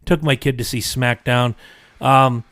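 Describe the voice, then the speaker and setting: A middle-aged podcast host tells a rambling, profane story in casual chat, coughing and a bit congested from seasonal allergies. His mid-range voice is steady, unhurried, and a little bright. The recording is dry and clean, with studio-quality sound.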